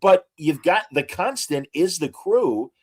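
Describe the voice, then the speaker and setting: A man's voice: a little high, lively intonation, slow pace. A man co-hosting a podcast, chatting casually and reeling off trivia with many filler words. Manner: enthusiastic, trivia-heavy, lots of fillers. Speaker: podcast co-host. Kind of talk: casual chat.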